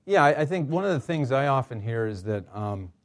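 Running an informal staff workshop before a live crowd, this counselor keeps things conversational, dropping in fillers and gentle jokes. He speaks briskly at a medium pitch, his voice swinging widely up and down.

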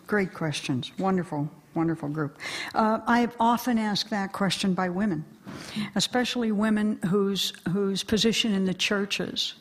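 A woman, a religious sister, answering audience questions at a talk in a forthright, emphatic way. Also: mid-range voice.

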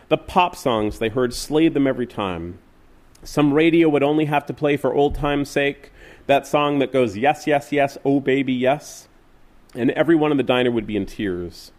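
A man reading literary fiction aloud in a measured, wistful way. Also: medium pitch, a little mellow. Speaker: reader.

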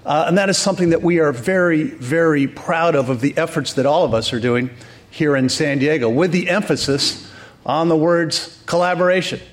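Upbeat mayor welcoming a conference. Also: male voice, fairly high pitch, normal speed. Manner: upbeat, joking asides, frequent restarts. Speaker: mayor giving welcome remarks. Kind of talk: conference speech.

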